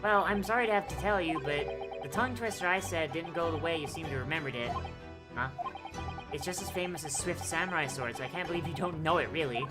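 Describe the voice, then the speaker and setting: A young woman VTuber streams a video game, reading its dialogue aloud in playful voices and joking with crude swearing. Her voice sits low and she speaks a little fast, with game music in the background.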